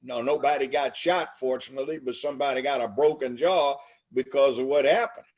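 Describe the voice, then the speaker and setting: A man's voice: mid-range voice, fairly quick, darkish tone. An older man from Los Angeles, talking as an interview guest in an emphatic, preachy way with long lists. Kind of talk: casual interview talk.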